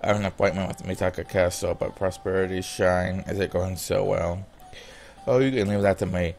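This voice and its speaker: A man's voice: deep voice, steady tone, normal speed, gravelly, darkish tone, faint music behind. A man reading a visual novel's dialogue aloud in his own plain voice, breaking off now and then for casual comments. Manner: reads all the character lines in a plain voice, breaking off for casual comments.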